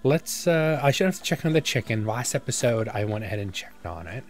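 A man's voice: mid-range voice, big pitch swings, brisk, creaky, soft background music. Rambling man narrating his gameplay. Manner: rambling, self-mocking, thinks aloud. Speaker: gaming YouTuber. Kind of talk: casual let's-play commentary.

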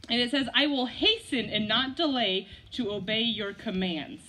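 A woman's voice: fairly high pitch, normal speed, bright, forceful tone. A woman leading a children's story outdoors at a church service, playful, laughing and asking the kids questions. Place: outdoors by a gazebo.

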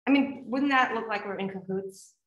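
An actress playing a grown daughter, practical and exasperated, in a stage play. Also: female voice, medium pitch, moderate pace, fairly bright tone, highs cut off, natural voice. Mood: skeptical. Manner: exasperated, down-to-earth. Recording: echoey room.

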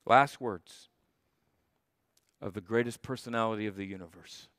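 A man preaching a sermon as a guest pastor, stressing key phrases and slowing down to repeat them. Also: on the low side, a bit bright, no room sound, studio quality. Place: church sanctuary.

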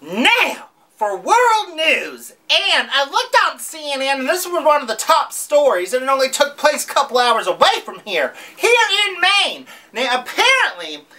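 Женщина изображает хихикающую южанку-ведущую. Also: female voice, sits high, sing-song, unhurried, few pauses, pushed and bright, heavily acted. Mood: giggly. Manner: giggly, brash, swooping. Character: brash Southern small-town woman reporter, crude. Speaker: comic news host. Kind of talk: comedy sketch news recap.

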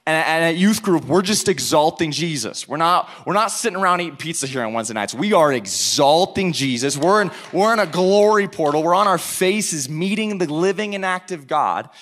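A young man preaching as a youth pastor in a church service, excited and animated, with frequent restarts. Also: a little high, normal speed, few pauses. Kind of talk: sermon.

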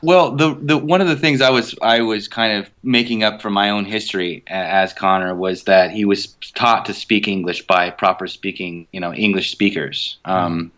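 Relaxed man with a low voice, chatting. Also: moderate pace, hardly any pauses. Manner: relaxed, thoughtful, lots of fillers and restarts. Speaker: voice actor guest. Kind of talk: casual interview chat.

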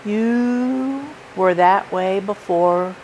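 A woman's voice: mid-range voice, very slow, a little mellow, slight background noise, low-quality recording. A woman preaching a sermon at a church service, emphatic and repeating her key points as she works through a numbered list. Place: church sanctuary.

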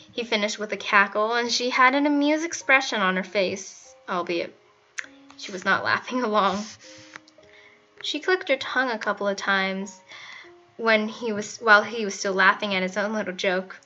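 A woman reading fan fiction aloud in a steady storytelling manner. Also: mid-range voice, normal speed. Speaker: fanfiction reader. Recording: muffled, faint music behind.

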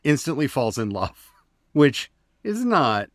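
A man's voice: medium pitch, big pitch swings, slow, dry recording, studio quality. A man co-hosting a casual discussion podcast, retelling old stories in a wry, glib, storytelling way. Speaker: podcast co-host.

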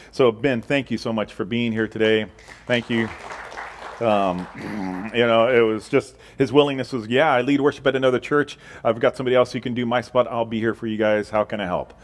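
A middle-aged man preaching a sermon as pastor, casual and joking in his announcements. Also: medium pitch.

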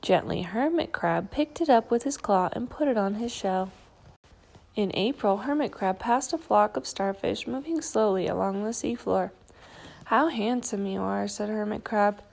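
A woman reading a children's picture book aloud in a calm, clear storytelling manner. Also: medium pitch, moderate pace. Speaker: storybook reader.

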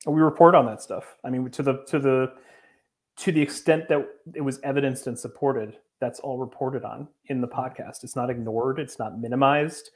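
A man answers interview questions as a guest journalist in an earnest, defensive way. He leans heavily on fillers as he explains himself, at an ordinary pitch. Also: fairly even intonation, moderate pace.

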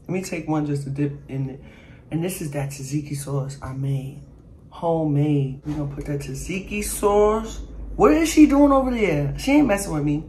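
In this laid-back cooking and eating vlog, a woman speaks in a low, animated, slightly mellow voice at a moderate pace. She addresses viewers as "y'all," tasting as she goes and teasingly bragging about her food over faint background noise.

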